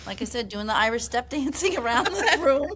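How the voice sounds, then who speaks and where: An older woman who teaches high school business, chatting casually as a guest. She is encouraging and laughs along. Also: animated, fairly quick, a bit bright, slight background noise. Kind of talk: casual chat.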